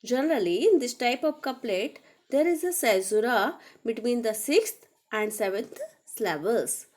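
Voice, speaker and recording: A woman teacher with an Indian accent, reading out a recorded lecture slowly and deliberately. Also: fairly high pitch, animated, a little mellow. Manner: slow, deliberate reading of notes.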